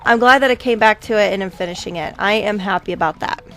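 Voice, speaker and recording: A woman's voice: medium pitch, fast talker, pushed and bright, soft background music. A woman hosting a video game playthrough, talking through it in a chatty, rambling way with many asides. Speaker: let's play host. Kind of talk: casual game commentary.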